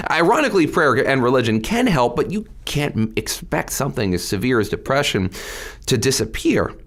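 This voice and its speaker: A man's voice: medium pitch, very animated, a little fast, a bit bright. A middle-aged man, a state representative, telling his story candidly in a podcast interview.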